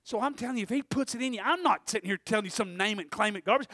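A male pastor preaching an impassioned sermon in a church, swinging from shouts to hushed asides. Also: high voice, very fast, few pauses, no echo, clean studio sound. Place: church sanctuary.

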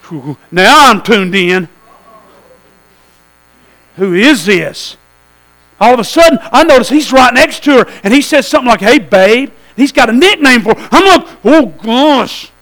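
High-voiced preacher man, humming line. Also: a little slow, long pauses, poor audio. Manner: animated storytelling preacher, calls out to the congregation. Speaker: pastor. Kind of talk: sermon. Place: church.

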